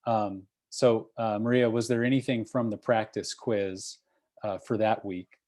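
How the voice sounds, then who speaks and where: A man's voice: fairly low pitch, fairly even intonation, a little slow, a little mellow. A man leading an online course review session, patient and encouraging, checking in often with "okay?" and "right?" over a computer mic. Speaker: course instructor.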